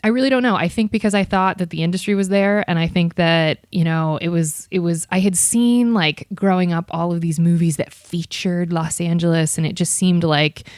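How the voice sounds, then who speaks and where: A woman in her thirties tells stories from her past in a relaxed, self-mocking chat and keeps acting out her own old lines. Her voice sits low, and the recording is close and dry. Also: moderate pace, few pauses, smooth, dry recording. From Ohio. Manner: chatty, self-mocking, often slips into quoting herself. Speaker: podcast host being interviewed. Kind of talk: casual interview chat.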